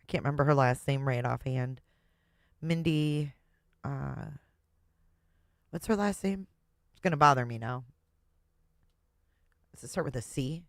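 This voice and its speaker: A woman's voice: rumbling low, measured pace, pauses often, dry recording, clean studio sound. A woman hosting a livestream, chatting with viewers and making sarcastic asides as she reacts to a podcast. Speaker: livestream host.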